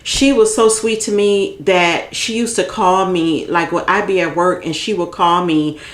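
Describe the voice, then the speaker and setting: A woman talks straight to her viewers with casual, heartfelt advice. Her voice sits a little low, and she rambles and circles back over her points. The room around her is echoey. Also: fairly even intonation, measured pace. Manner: heartfelt, rambling, repeats herself, gets emotional. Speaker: vlogger giving end-of-life planning tips. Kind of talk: casual advice talk to camera.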